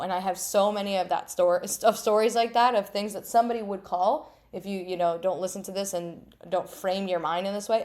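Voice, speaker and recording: Candid, animated woman podcaster. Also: mid-range voice. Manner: candid, animated, swears freely, acts out inner voices; laughs at herself. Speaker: podcast host. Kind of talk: casual solo podcast monologue.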